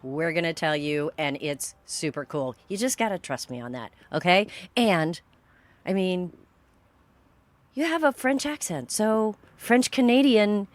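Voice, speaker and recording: Brief: Texan woman host, lively swooping pitch, dry close sound. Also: a little slow, dry recording. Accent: Texas. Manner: animated, enthusiastic. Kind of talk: casual interview.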